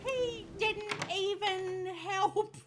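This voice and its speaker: A woman's voice: very high-pitched, fairly even intonation, very slow. A woman streaming a video game live, chatting and joking with her viewers, swearing freely as she plays. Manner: chatty, joking and profane, talks to chat. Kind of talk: live gameplay commentary. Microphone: webcam setup. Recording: game music playing behind.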